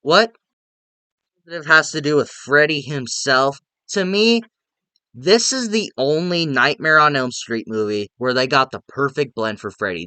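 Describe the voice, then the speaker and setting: An eager young man talks through a horror film review in a loose, rambling way, tripping over restarts as he goes. His voice is bright and crisp, and the sound is close and dry. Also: mid-range voice, no room sound. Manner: rambling and enthusiastic, many fillers and restarts. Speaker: movie reviewer. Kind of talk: casual spoken film review.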